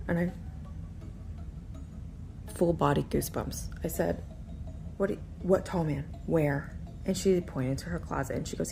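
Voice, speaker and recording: A woman's voice: low-pitched, steady tone, a little slow, gravelly, pauses often, darkish tone, faint music behind. A woman casually retelling a frightening babysitting experience in a tense, nervous way. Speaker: storyteller in a clip. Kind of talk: casual storytelling.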